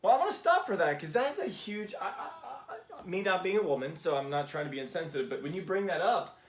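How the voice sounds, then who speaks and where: A man hosting a casual chat over whiskey, agreeable and quick to laugh. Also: high voice, big pitch swings, echoey room. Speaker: podcast host.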